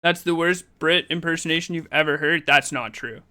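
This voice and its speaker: A male streamer answering his chat while playing a card game, quick and argumentative. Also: fairly high pitch, sharp tone.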